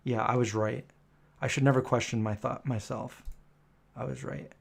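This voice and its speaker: A man's voice: medium pitch, flat delivery, moderate pace, gravelly, breathy edge. Chatty man hosting a live stream. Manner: chatty, rambling, lots of um and self-correction. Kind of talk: casual live-stream chat with viewers.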